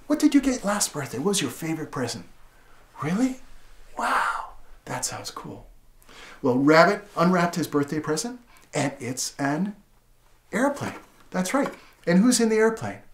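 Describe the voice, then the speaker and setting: A man's voice: a little high, slight background noise. A playful man reads a picture book aloud as if to a small child, asking question after question in a voice that leaps all over its range. The room gives him a roomy, echoing sound. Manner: playful, asks the listener many questions; animated, gasps and laughs in surprise. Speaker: literacy educator. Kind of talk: demonstrating reading aloud to a child. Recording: roomy echo.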